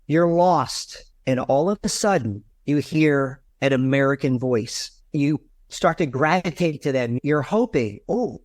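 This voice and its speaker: A man's voice: no room sound, studio quality. A man from Virginia, a real estate agent guest on a podcast, telling stories and acting out the dialogue in them. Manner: animated, acts out dialogue with big pitch jumps. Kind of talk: conversational storytelling.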